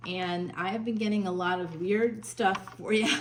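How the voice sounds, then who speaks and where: Against background noise, a medium-pitched woman psychic talks at normal speed with few pauses and fairly even intonation. Her tarot reading is chatty and warm with endearments, fillers and restarts, in a Northern US accent that slips Southern.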